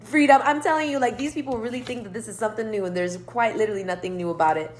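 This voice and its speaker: A woman with a slightly high voice tells a storytime tale to camera in a loose, rambling way. She laughs often, swears freely and keeps breaking off into asides. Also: very fast. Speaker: tarot channel host. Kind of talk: casual storytime monologue.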